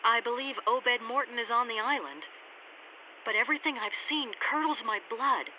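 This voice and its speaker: Give me a woman doing a high, piercing, jittery young academic, lo-fi and muffled. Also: expressive, moderate pace, close to an everyday voice. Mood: sharp. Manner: high-strung and sharp-tongued. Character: frightened, impatient young female scholar. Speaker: game character. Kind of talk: video game voice acting. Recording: dull lo-fi game audio, faint hiss.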